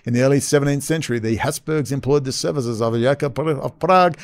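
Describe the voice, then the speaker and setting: A man's voice: mid-range voice, a little fast, no room sound. A man hosting a video, reading passages aloud and breaking off into sarcastic, mocking asides. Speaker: host.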